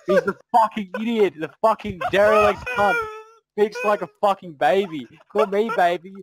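A man's voice: high-pitched, normal speed, very noisy. A young man chatting with friends while gaming, swearing heavily through a mocking rant. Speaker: gamer. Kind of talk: casual chat while gaming.

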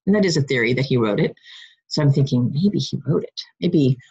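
A chatty woman leads a Bible study. She talks casually and keeps breaking off to correct herself. Her voice is a little husky, and she has a runny nose. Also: extremely low pitch, lively intonation, a little fast, darkish tone, muffled recording. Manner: chatty, self-interrupting, laughs at herself. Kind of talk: casual recorded Bible lesson.

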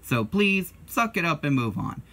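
A man in his twenties from the United States, with an American accent, hosts his own video in a casual, blunt and defensive manner, correcting himself in asides. His voice is a little high, very animated and a bit bright, at a measured pace.

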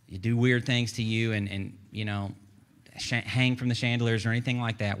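A man's voice: medium pitch, fairly bright tone. A man preaching a sermon as pastor, folksy and conversational, with rising bursts of emphasis. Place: church sanctuary.

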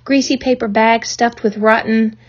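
A woman's voice: on the high side, fairly even intonation, moderate pace, natural voice. A woman voicing a worldly old sheep who coaxes at length, heard on a dull lo-fi recording. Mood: persuasive. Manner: lists things at length, coaxing.

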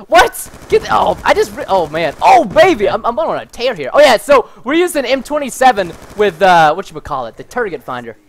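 A young man hosting a gaming channel, giving excited gameplay commentary, laughing often and shouting in fights. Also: very high-pitched, moderate pace, vocal fry, hardly any pauses.

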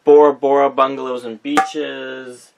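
A man's voice: medium pitch, level tone, measured pace, creaky, slight background noise. A young man chatting casually in a vlog, reading out a list of names and often correcting himself as he goes. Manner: rambling, reads out names with frequent self-corrections. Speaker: vlogger showing a candle collection. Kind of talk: casual chat.

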